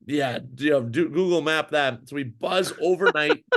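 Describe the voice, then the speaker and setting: In casual interview chat, a podcast guest from Minnesota who used to be a pro goalie rambles through his career story with many restarts and "um"s. His voice runs a little high for a man, his pace is moderate, and he jumps animatedly from one point to another.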